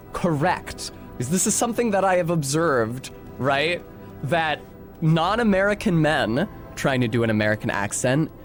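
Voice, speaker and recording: A young man streaming a video game, commenting in a sarcastic, rambling way. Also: a little high. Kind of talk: let's-play commentary.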